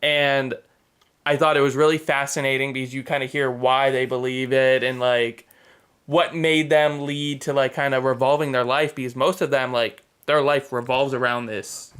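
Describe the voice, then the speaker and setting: A man's voice: mid-range voice, little pitch movement, normal speed, a bit bright, smooth. A man hosting a casual podcast chat, telling stories in an eager, rambling way. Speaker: podcast host.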